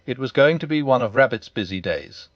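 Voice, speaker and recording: A man narrating a classic children's story as a gentle bedtime audiobook. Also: mid-range voice, animated, brisk, no room sound, muffled recording.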